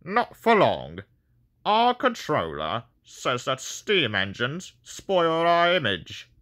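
A man voicing a snobbish male diesel engine villain, raspy and nasal with his nose pinched. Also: fairly high pitch, huge pitch swings, slow, a bit bright, pitched above the performer's own voice, full character voice.

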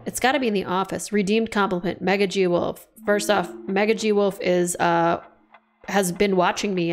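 A woman's voice: mid-range voice, gravelly. A woman streaming a horror game, chatty and joking, saying "F word" in place of swearing. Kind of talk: casual let's-play commentary.

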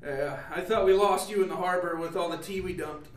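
A man's voice: high-pitched, brisk, slight background noise. A man co-hosting a wrestling talk show in a studio, joking and teasing in casual chat. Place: broadcasting school studio. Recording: echoey room, distant mic.

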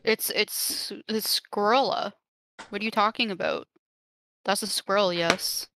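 A woman's voice: medium pitch, fairly even intonation, measured pace, sharp tone. A young woman streaming a game with her avatar, joking around in theatrical mock outrage. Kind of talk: playful gaming chat.

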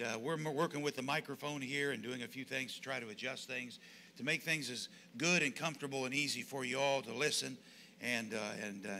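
A pastor, praying and then talking with the congregation in a folksy, conversational way. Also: male voice, a little high, creaky, sharp tone, a little hiss or hum. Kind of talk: prayer and church announcements. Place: church sanctuary.

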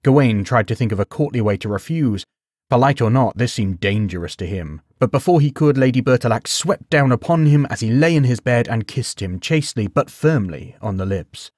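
A man narrating a bedtime story in a measured, unhurried way. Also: mid-range voice, a little mellow, no room sound, clean studio sound.

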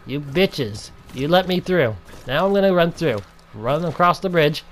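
Young male gameplay commentator, slightly high voice, playful taunts, theatrical outbursts. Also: expressive. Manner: playful, taunting enemies, drawn-out mock-dramatic shouts.

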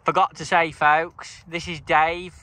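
A man's voice: fairly high pitch, level tone, unhurried, bright, forceful tone. A man co-hosting a fishing vlog, teasing his friends in casual banter outside by a lake. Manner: playful, teasing. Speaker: angling vlog co-host. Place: outdoors by a lake. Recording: windy outdoor noise.

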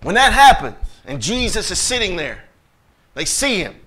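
A man's voice: high voice, very animated, normal speed, a bit bright. A man preaching a sermon as pastor, reading scripture aloud and talking directly to his congregation with emphatic conviction. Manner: reads scripture aloud in King James wording.

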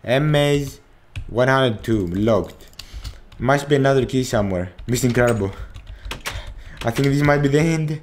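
A man commentating a horror game, swearing freely and breaking into panicked shouts at the scares. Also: mid-range voice, normal speed, pauses often, slight background noise. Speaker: gaming channel host.

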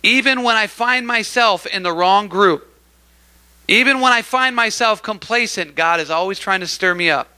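A man preaching a sermon in a church, animated, often calling out praise and asking the congregation for an amen. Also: high voice, normal speed, clean tone. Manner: animated, acts out crowd voices, calls for amens.

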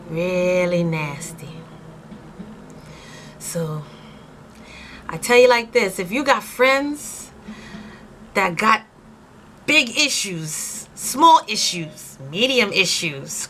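Slow, bright-voiced woman telling a story. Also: fairly high pitch, slight background noise. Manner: animated and dramatic, acting out her own reactions; colloquial, addresses viewers directly. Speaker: vlogger telling a story-time tale. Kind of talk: casual storytelling monologue.

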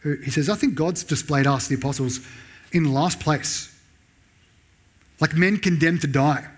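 A man preaching a sermon in a church, raising his voice sharply when he reads out sarcastic lines. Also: a little slow. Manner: animated preaching, pitch jumping up when voicing Paul's sarcasm. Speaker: pastor.

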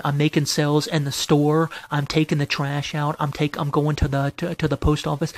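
A vlogger with a dry-recorded, higher-pitched male voice vents in a late-night personal rant. He rambles, repeats himself and keeps restarting, sounding aggrieved until he flares into angry bursts of swearing.

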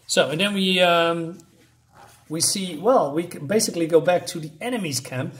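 A man casually reviewing a comic book and recapping its story, often halting and restarting as he searches for words. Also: mid-range voice.

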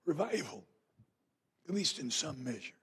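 A man preaching a revival sermon in a church, telling folksy stories and rising to loud emphatic peaks. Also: fairly high pitch, big pitch swings, normal speed, breathy edge. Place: church sanctuary.

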